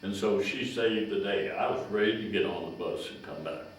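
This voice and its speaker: A man's voice: fairly low pitch, slight background noise. A man, a retired county agent telling long, folksy stories with a chuckle. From Kentucky. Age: 90s. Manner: slow, folksy, chuckling storyteller. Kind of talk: rambling personal storytelling. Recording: echoey room, distant mic.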